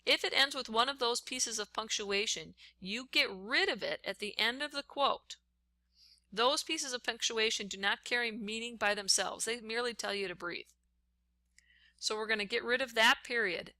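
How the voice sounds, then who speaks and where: A woman's voice: a little high, moderate pace, pushed and bright, no echo. A woman teacher talking step by step through a writing lesson while she types on screen. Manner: step-by-step, talks while typing.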